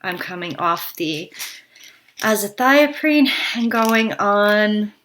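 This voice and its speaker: A woman's voice: mid-range voice, lively intonation, slow, fairly bright tone. A woman giving a casual personal health update to her viewers, candid and worried, a little out of breath and often restarting her sentences. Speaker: health vlogger.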